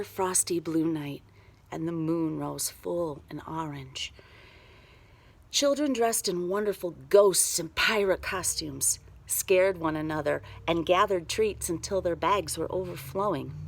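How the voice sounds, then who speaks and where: A woman telling a children's story aloud, very expressive and dropping to a whisper at spooky moments. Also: mid-range voice, slightly rough.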